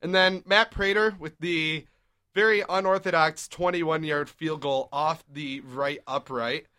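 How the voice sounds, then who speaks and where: A young man hosts a casual sports talk show, steering the chat with quick, upbeat recaps of the game. His voice is forceful and bright, sitting a touch high for a man. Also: steady tone, smooth. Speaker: podcast host.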